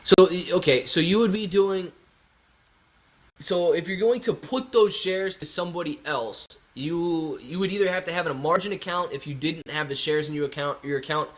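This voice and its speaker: A man's voice: fairly high pitch, normal speed. A man from Ohio hosting a stock livestream in a casual, chatty way, reading viewer comments aloud and answering them.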